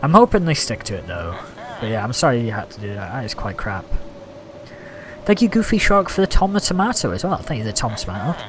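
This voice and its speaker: A man's voice: medium pitch, brisk, noisy background. A young man chatting casually on a gaming livestream, thanking viewers and reacting to the game. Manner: chatty, reads out gift thanks, animated. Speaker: streamer.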